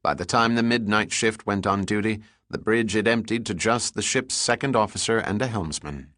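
A man narrates a thriller audiobook in a steady, even reading voice. His voice is low and the booth is dry and close. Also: normal speed, no room sound. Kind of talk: scripted narration.

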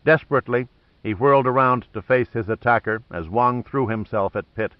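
A man narrates a thriller in measured, dramatic storytelling tones. His voice is mid-pitched and close, recorded in a dry studio with a slightly dull, muffled sound. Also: no echo. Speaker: audiobook narrator.

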